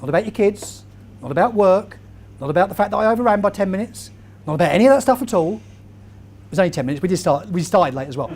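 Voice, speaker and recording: A man, giving a lively motivational talk to a live audience and quizzing the crowd as he tells stories. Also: sits high, fast. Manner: animated storyteller, quizzes the crowd. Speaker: keynote speaker.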